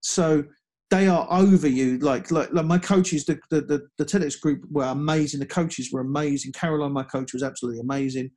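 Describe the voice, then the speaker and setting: A man's voice: fairly high pitch, steady tone, darkish tone. Male guest, casual storyteller, stops and restarts often. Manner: halting, many restarts and fillers. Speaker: guest speaker.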